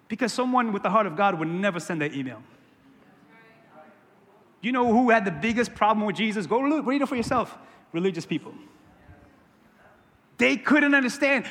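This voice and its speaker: A man's voice: high voice, lively intonation, normal speed, long pauses, a bit bright, long reverb tail. A male pastor preaching a sermon in a church, conversational and playful with jokey asides. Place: church sanctuary.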